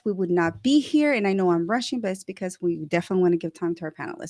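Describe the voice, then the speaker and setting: A woman hosting a casual live show, effusive and thankful as she hurries through shout-outs. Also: fairly low pitch, rapid-fire, few pauses, no room sound, studio quality. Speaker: host.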